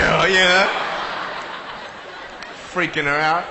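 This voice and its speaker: Male speaker on stage, high and very bright voice, playful comic storyteller, long hall reverb. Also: flat delivery, measured pace, very noisy. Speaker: motivational speaker. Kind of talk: comic talk to a live audience. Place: large hall with an audience.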